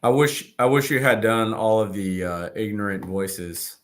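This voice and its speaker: A man's voice: on the low side, a little slow. A middle-aged man hosting a podcast, chatting loosely and telling stories with profanity. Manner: laughing, loose storytelling with profanity. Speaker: podcast host. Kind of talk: casual chat.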